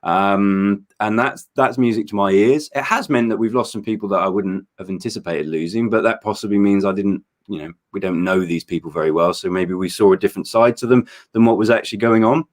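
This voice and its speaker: A man's voice: on the low side, brisk, few pauses. A man chatting casually on a late-night charity livestream, rambling and enthusiastic with lots of fillers and restarts, tired after staying up all night. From Norfolk, England. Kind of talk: casual chat.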